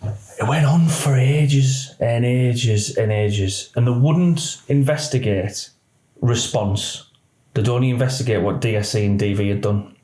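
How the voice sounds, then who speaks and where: Halting man recounting. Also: medium pitch, dark tone. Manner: halting, emotional retelling with many restarts. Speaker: podcast guest, former police officer. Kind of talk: candid interview storytelling. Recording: roomy echo.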